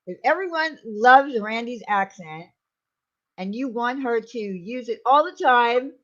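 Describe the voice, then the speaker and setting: Brash woman streamer, unhurried, slightly high voice, muffled lo-fi stream audio. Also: animated, a bit bright. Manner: blunt, swears freely, laughs often. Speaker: livestream host. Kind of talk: casual livestream chat.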